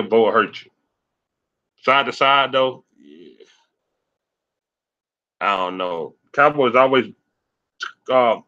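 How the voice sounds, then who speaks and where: A man hosting a sports livestream, ranting angrily and cursing, swinging between loud rants and low mutters. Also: highs cut off. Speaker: sports channel host. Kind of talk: profane livestream sports rant.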